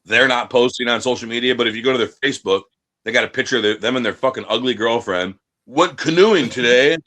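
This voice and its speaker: Brief: man from the United States, mid-pitched, swears constantly, boastful storyteller, wrestler guest. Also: fairly even intonation, fast, pushed and bright. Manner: profane, brash and boastful, acts out voices in his stories. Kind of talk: casual interview talk.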